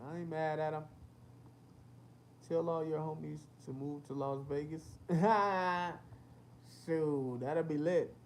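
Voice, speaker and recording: Speaking slowly with frequent pauses, a young man with a voice on the high side hosts a relaxed livestream, slight background noise audible. He reads viewers' chat and tells animated, slang-heavy stories laced with cursing.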